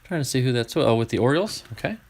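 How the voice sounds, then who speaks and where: A man opening packs of baseball cards on a live stream, chatting to viewers and getting excited over each find. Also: medium pitch, rapid-fire. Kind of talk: live card-opening chat.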